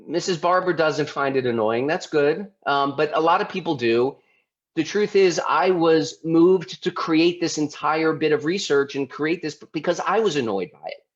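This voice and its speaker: Brief: male lecturer, mid-pitched, chatty, dull muffled recording. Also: moderate pace. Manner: conversational, asks the audience questions. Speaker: lawyer and speaker. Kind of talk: lecture presentation. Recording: dull lo-fi sound.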